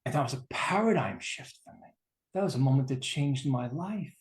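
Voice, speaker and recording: A man with an expressive mid-range voice speaks at a moderate pace as a relationship coach. His teaching talk is earnest and emphatic, drawing on his own story and sprinkled with casual swearing.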